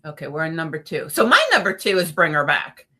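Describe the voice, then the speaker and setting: A woman reviewing horror films in a casual chat, expressive and animated, acting out her reactions. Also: low-pitched, fairly quick, breathy edge. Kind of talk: casual film discussion.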